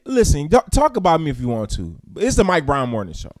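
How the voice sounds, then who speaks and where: A man's voice: huge pitch swings, a little fast, dry recording. Guy hosting a morning show, preachy emphatic rant, big swings up and down, dry close mic. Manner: preacherly, emphatic, rising to loud peaks then dropping low. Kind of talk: impassioned commentary and news reading.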